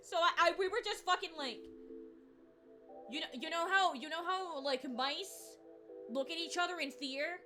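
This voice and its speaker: High-voiced young woman streamer, cursing. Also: normal speed, sharp tone, soft background music. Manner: profane, rambling, laughs often. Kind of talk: casual chat storytelling.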